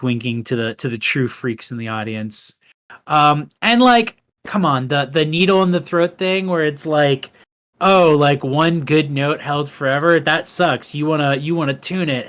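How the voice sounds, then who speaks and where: A man's voice: mid-range voice, fairly bright tone. A man co-hosting a film podcast, talking casually and rambling, with many fillers and restarts.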